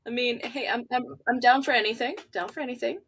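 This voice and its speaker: A woman's voice: on the high side, steady tone, fast talker, a bit bright, a little hiss or hum. Giggly, playful woman player. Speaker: tabletop game player. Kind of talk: casual game chat.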